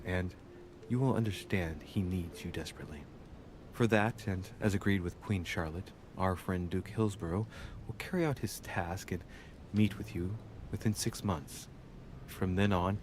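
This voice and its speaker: An actor playing a young aristocratic man who reads formal letters aloud in a measured, courtly way. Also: sits low, darkish tone, a little hiss or hum, lightly acted. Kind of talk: game voice acting.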